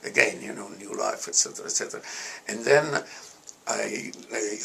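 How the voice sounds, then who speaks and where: An older man with an Italian accent, recalling his past in an interview in a halting way, often starting over and laughing at himself. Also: on the low side, creaky, a bit bright, slight background noise. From Italy. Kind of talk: reminiscing interview.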